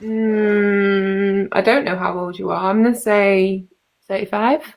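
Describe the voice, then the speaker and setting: A woman's voice: medium pitch, fairly even intonation, slow. A woman in her thirties hosting a live stream, chatty and casual with some swearing. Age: 30s. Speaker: livestream host.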